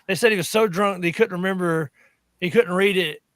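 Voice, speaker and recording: A man's voice: sits high, a little fast, a bit bright, dry recording. A man with a Southern Appalachian accent, telling stories in casual chat with a laugh never far off. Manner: chatty storyteller, laughs often.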